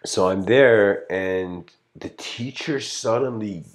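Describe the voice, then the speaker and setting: A man's voice: on the low side, slow pace. A man giving a casual livestreamed lecture, rambling and reflective, full of "you know" fillers. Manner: reflective, philosophical musing.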